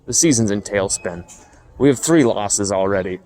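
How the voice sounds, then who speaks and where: A man's voice: on the low side, lively intonation, normal speed, a little mellow, a little hiss or hum. A man hosting a sports commentary show, delivering a blunt, heated, profane opinion rant and repeating his points for emphasis.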